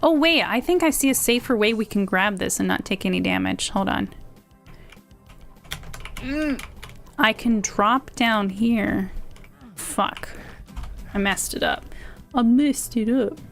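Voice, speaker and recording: A woman's voice: medium pitch, animated, slow, creaky, long pauses, a bit bright, faint music behind. A woman streaming a video game, chatting casually and playfully with her viewers and swearing now and then. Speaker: VTuber streamer. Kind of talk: casual gameplay chat with viewers.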